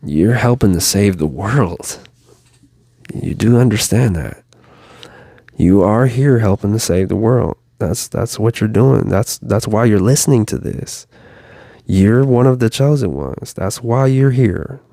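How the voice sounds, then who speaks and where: Gravelly low-voiced motivational man. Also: unhurried, dark tone, dry recording, clean studio sound. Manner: casual, repetitive, encouraging, addresses listeners as y'all. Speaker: motivational show host. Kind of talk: motivational talk to viewers.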